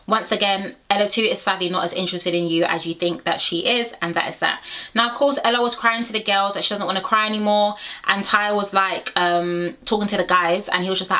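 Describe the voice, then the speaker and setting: A young woman talks casually and bluntly to her viewers, reviewing a reality show episode. Her voice is bright and forceful, sitting in a middle register for a woman. She chats in a direct, conversational way. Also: mid-range voice, fast talker. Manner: chatty, frank, addresses viewers directly. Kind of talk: casual reaction chat.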